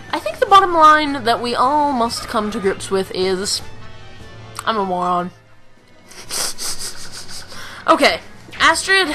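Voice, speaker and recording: A woman's voice: on the high side, pushed and bright. A woman giving casual, rambling gameplay commentary, joking at her own expense and giggling often. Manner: rambling, self-mocking, giggly. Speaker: let's play commentator.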